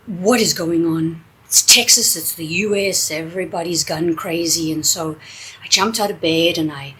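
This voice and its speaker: A woman telling a funny personal story in a chatty, animated way. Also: lowish voice, moderate pace, a little hiss or hum, poor audio. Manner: chatty, animated, with fillers and restarts. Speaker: storyteller and English teacher. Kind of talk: casual storytelling.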